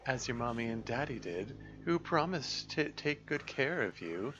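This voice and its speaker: A man voicing a sinister, manipulative shadow self who speaks in a low, coaxing way. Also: sing-song, measured pace, fairly bright tone, highs cut off, slight background noise.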